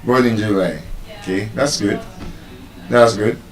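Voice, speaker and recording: A man with a Nigerian accent giving a live talk on pronunciation to an audience, playful and teasing, repeating words slowly to drill them. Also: lowish voice, music in the background. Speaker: public speaker teaching pronunciation. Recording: echoey hall, voice from far off.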